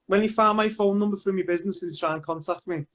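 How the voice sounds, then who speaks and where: Scouse male guest, higher register, plain-spoken storyteller. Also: fast talker, a bit bright. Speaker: interview guest. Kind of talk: casual interview chat.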